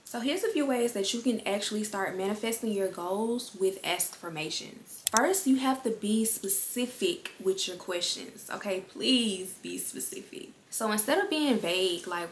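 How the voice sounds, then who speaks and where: A woman's voice: medium pitch, lively intonation, measured pace. A woman giving a casual motivational talk to her viewers, chatty and direct, often calling the listener "girl" and repeating words for emphasis. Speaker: vlogger. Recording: echoey room with faint ambient noise.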